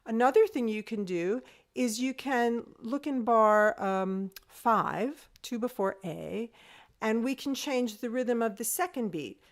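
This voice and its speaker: A woman teaching an online music lesson, talking thoughtfully with pauses and singing rhythms aloud to demonstrate. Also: fairly high pitch, animated.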